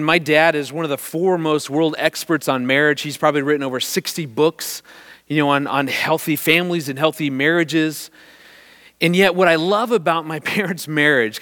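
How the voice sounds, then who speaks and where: Middle-aged guy telling a funny family story, fairly high voice, laughs a lot. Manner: animated, self-deprecating, laughs often. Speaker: speaker on marriage. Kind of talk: storytelling talk to an audience.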